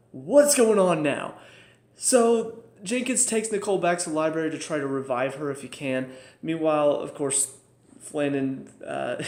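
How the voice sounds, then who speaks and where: Excitable young man reviewing, echoey room. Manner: excitable, laughs often, pitch jumps when enthused. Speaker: TV episode reviewer. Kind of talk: casual spoken review.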